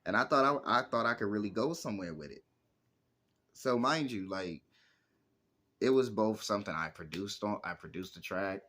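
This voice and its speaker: A man's voice: fairly low pitch, lively intonation, moderate pace, sharp tone. A man in his twenties, a music producer and rapper, telling stories in a casual, rambling interview with lots of filler words. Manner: rambling, heavy use of "like" fillers.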